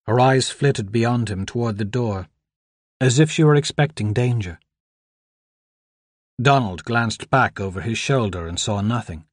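An audiobook narrator reads a novel from a script, his mid-range voice measured and even. The recording is dry and studio-quality.

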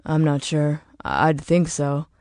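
Casting: woman reading a shy, hesitant young son in an audiobook, low voice, dry sound. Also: unhurried, darkish tone, dry recording.

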